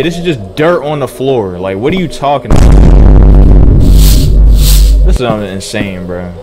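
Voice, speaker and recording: A young man talks through a game in casual slang, easily excited and repeating himself, at a mid pitch. Loud game music plays under his voice. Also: low-quality recording. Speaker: gaming YouTuber. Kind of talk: let's play commentary.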